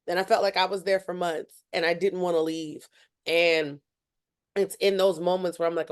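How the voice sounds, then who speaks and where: A young woman, a student journalist, telling her story as a podcast guest in an animated way and acting out what others said. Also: on the low side, moderate pace, clear, resonant tone. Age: young adult. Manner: animated, acts out other people's lines. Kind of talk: casual interview storytelling.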